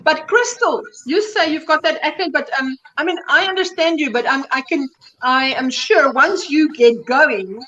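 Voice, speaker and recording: A woman's voice: high-pitched, lively intonation, moderate pace, pushed and bright, muffled recording. A woman hosting a crafting livestream, cheerfully reading out viewer comments and chatting. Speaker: livestream host. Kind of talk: casual chat, reading viewer comments aloud.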